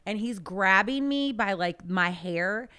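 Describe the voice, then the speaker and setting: Smooth-voiced woman telling stories. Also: mid-range voice, slow pace. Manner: animated storytelling, laughs a lot. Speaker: podcast guest. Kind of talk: casual chat.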